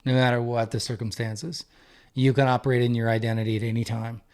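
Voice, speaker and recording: A man's voice: mid-range voice, flat delivery, quick pace, a little mellow. A man in his thirties, a marriage coach, giving an earnest, emphatic faith-based talk and repeating key phrases for weight. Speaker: marriage coach and podcast co-host.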